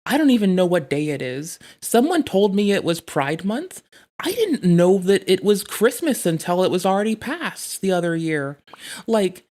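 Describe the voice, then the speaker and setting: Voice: mid-range voice, a little mellow. A streamer chatting casually on a live stream, rambling and swearing through comic stories. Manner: rambling, profane, comic storytelling. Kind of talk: casual chat.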